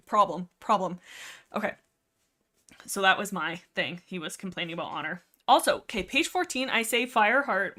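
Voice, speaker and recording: A woman's voice: medium pitch, fairly bright tone. A young adult woman hosting a casual book discussion livestream from home on a desk microphone, rambling, getting heated and laughing often. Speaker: livestream host.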